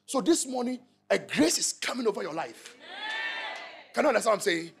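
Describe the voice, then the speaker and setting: A Ghanaian pastor preaches in an emphatic style, repeating his lines and calling out to his listeners. His voice is high and gravelly, with a husky edge. His pitch leaps and dips widely as he drives each point home. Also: very animated, brisk, fairly bright tone, a faint crowd. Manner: repetitive, call-and-response, emphatic. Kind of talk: sermon.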